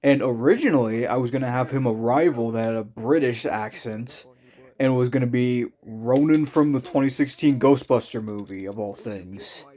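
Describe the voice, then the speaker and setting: A man's voice: medium pitch, mellow. Rambling, self-mocking young man. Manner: rambling, self-mocking, with quick bursts and trailing asides. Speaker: YouTuber reviewing his old videos. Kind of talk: casual commentary.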